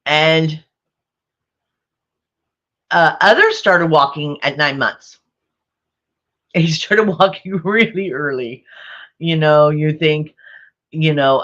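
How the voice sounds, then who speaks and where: A woman's voice: low-pitched, slow pace, pauses often, fairly bright tone, dull audio. A woman vlogger telling a rambling family story, repeating herself and chuckling often. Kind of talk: casual storytelling.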